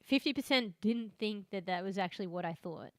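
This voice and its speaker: A woman's voice: medium pitch, lively intonation, brisk, fairly bright tone, dry recording, clean studio sound. Chatty, laughing woman streaming a game. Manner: chatty, swears often, laughs easily. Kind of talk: casual live-stream commentary.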